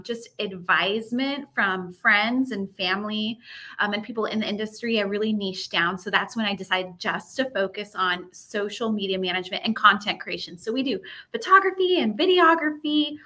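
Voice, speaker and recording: A woman's voice: mid-range voice, normal speed, pushed and bright. A woman who owns a business, chatting as a guest in a bubbly way, with fillers and easy laughs. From United States. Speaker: guest, social media agency owner. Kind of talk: casual interview chat.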